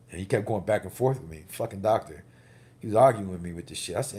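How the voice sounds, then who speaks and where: Man, casual vlogger, bruised after a wreck; deep voice, swearing, heated storytelling. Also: animated, quick pace, darkish tone. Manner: rambling, profane, heated storytelling. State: recovering from a car wreck, banged up. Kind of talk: casual vlog monologue.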